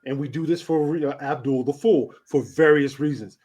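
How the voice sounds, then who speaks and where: A man with a slightly raised voice tells rambling stories in a relaxed interview. He laughs often and swears freely. He talks like a radio host swapping old memories. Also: on the high side, normal speed. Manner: animated, laughing, swearing storyteller. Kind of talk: casual storytelling interview.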